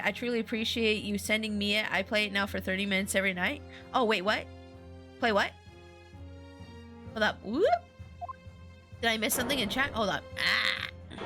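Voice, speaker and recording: A woman's voice: a little high, sharp tone. A young woman streaming a game, chatting playfully with her chat and reacting aloud to the story. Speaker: VTuber streamer. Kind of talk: casual live-stream game commentary.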